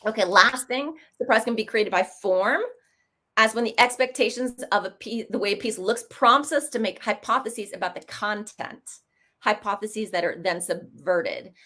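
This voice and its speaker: A woman author on a panel, reading a piece aloud and talking about it in an animated, amused way over a video call. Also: moderate pace. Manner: animated, amused, with big pitch jumps.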